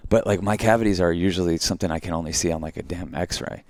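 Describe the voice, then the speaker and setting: A man's voice: deep voice, fast talker. A young adult man co-hosting a podcast, telling rambling stories in casual chat and acting out what people said. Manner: rambling, animated, acts out quotes. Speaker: podcast co-host.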